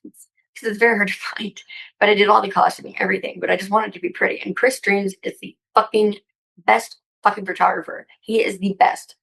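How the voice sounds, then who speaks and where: Female interview guest, gravelly tone, excitable and profane, rambling delivery. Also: mid-range voice, brisk, rough recording. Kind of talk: casual interview chat.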